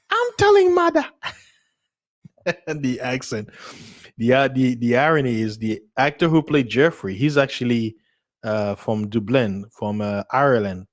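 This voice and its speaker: A man's voice: mid-range voice, normal speed. A man hosting a casual livestream, rambling, repeating himself and laughing often. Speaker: livestream host.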